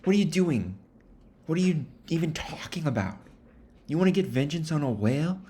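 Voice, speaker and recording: A man's voice: a little high, big pitch swings, normal speed, mellow, slight background noise, pitched above the performer's own voice. A man voicing an indignant first mate who protests against a pointless quest for vengeance. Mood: exasperated. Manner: exasperated, incredulous.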